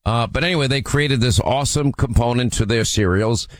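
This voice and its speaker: A man's voice: medium pitch, brisk, no room sound. A man hosting a talk radio show, reading ads and chatting casually with many ums and restarts. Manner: rambling, with frequent ums and restarts.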